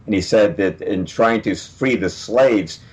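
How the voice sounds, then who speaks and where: A man being interviewed on radio as a guest author, explaining at a measured pace with frequent fillers. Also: lowish voice, slightly rough, low-quality recording.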